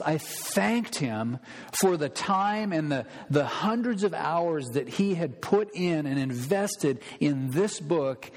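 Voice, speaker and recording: A male pastor preaching a sermon in an emphatic style, repeating words as he stresses a point. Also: on the high side. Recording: long reverb of a large hall.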